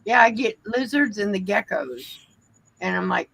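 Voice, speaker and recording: A woman's voice: mid-range voice, animated, moderate pace, gravelly, a bit bright, slightly rough, rough recording. A woman in a sewing circle, chatting casually and making short, matter-of-fact remarks. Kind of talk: casual chat.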